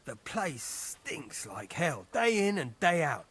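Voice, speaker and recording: A scheming, ominous castle servant. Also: male voice, fairly high pitch, sing-song, slow pace, a bit bright, slight background noise, full character voice.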